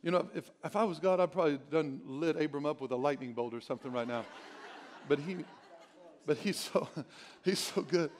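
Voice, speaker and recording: A man's voice: a little high, moderate pace, a faint crowd, a little hiss or hum. A male pastor preaching a sermon, urging the congregation with emphatic repetition and the odd chuckle.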